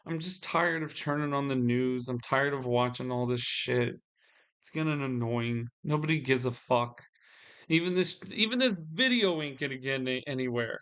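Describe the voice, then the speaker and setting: A man's voice: medium pitch, moderate pace, a bit bright, clear, resonant tone. A man venting to his audience in a solo video, weary and frustrated, often restarting his sentences. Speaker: vlogger.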